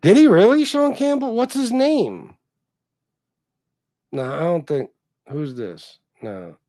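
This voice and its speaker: Animated, profane livestream host, a man. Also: high-pitched, slow pace, no echo. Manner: rambling, profane, chatting with viewers. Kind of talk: casual chat.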